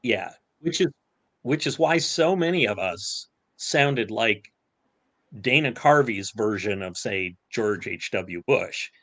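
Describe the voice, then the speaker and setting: A man co-hosting a casual podcast chat, talking in halting bursts full of fillers and restarts. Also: lowish voice, lively intonation, a bit bright. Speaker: podcast co-host.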